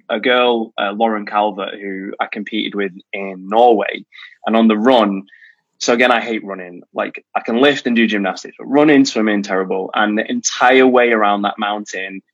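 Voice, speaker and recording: A man from the UK telling animated stories as a podcast guest, with quick restarts. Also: fairly low pitch, no echo, highs cut off. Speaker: guest, charity founder. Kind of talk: casual podcast chat.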